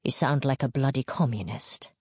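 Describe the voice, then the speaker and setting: A woman's voice: rumbling low, normal speed, darkish tone, husky, dry recording, full character voice. Woman reading a dry, firm mining engineer. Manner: dry, clipped and dismissive.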